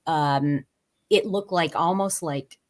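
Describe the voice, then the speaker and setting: A woman guest on a podcast, speaking in a fairly low voice. She gropes for words with frequent fillers, repeats herself and restarts sentences. The overall feel is an easygoing, unscripted chat. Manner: halting, with many fillers and restarts. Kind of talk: casual conversation.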